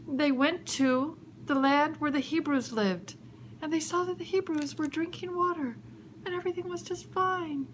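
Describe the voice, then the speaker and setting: A woman telling a children's story in an expressive way, with sound effects. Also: high voice, moderate pace. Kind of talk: animated children's story narration.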